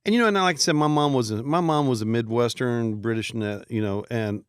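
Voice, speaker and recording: A middle-aged man spinning a long, rambling story as a podcast guest, slipping into other people's voices when he quotes them. His voice sits at an ordinary pitch for a man, and the room is completely dry and close. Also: a little fast, smooth, no echo. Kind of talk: casual storytelling chat.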